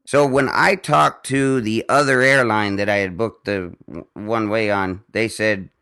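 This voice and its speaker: A man's voice: on the low side, steady tone, a little slow, sharp tone, clear, resonant tone. A man hosting a podcast in casual chat, telling a rambling story with lots of restarts and swearing. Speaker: podcast host.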